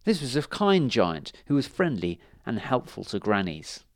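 Animated man reading a children's book. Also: medium pitch, moderate pace, no room sound, studio quality. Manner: expressive, animated read-aloud. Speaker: reader. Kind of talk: reading a children's storybook aloud.

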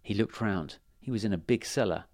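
A man reading fairy tales aloud to children in a lively, expressive way. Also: lowish voice, brisk, no echo, studio quality. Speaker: storyteller.

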